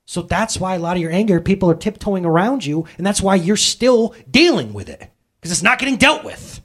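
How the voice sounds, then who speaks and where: A man's voice: high-pitched, very animated, brisk, fairly bright tone. A man in his thirties preaching a sermon in a conversational, emphatic way, often asking the audience rhetorical questions. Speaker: pastor.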